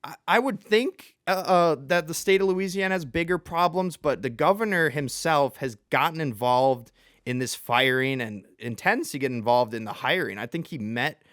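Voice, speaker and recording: A man's voice: a little high, moderate pace, fairly bright tone, no room sound, studio quality. A man hosting a sports show with casual, rambling commentary. He is self-deprecating and chuckles in the middle of sentences.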